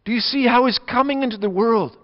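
A pastor preaching an earnest, emphatic sermon, his voice swinging between soft and loud. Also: very high voice, a little fast. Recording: dull lo-fi audio with long reverb.

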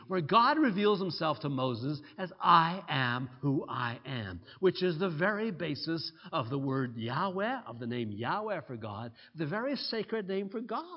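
A man preaching a sermon, emphatic and climbing to loud peaks on key points. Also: high-pitched. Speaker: pastor. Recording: muffled sound with long hall reverb.

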